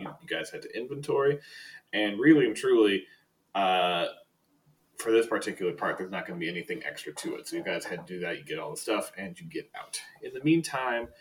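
A man narrating as game master of a tabletop game, relaxed and rambling. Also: sits low.

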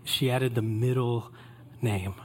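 A man preaching a Christmas Eve sermon as pastor, in a relaxed, conversational way that invites the congregation in. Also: medium pitch, slow, a little hiss or hum.

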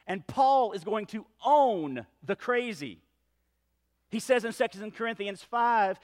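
A man with a Southern US accent, a pastor preaching a sermon, reading scripture quietly, then building to loud, emphatic questions. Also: high voice, animated, slow pace.

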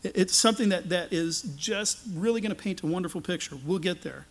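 A man preaching a sermon, animated and sarcastic, acting out the lines he quotes. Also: high-pitched, a little fast. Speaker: pastor.

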